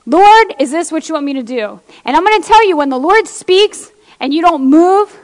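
A woman's voice: very high voice, expressive, normal speed, big-room sound. A woman preacher giving an impassioned sermon, reading scripture aloud and speaking straight to her congregation in a church.

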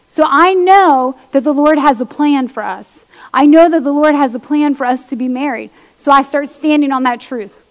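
A woman, a pastor's wife, giving an animated testimony sermon to women and acting out quoted voices as she tells stories. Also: high-pitched, normal speed. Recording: long hall reverb.

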